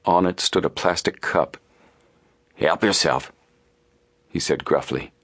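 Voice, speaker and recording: A man narrating a storybook in a steady, measured way. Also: sits low, slightly rough, no room sound. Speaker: audiobook narrator. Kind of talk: scripted narration.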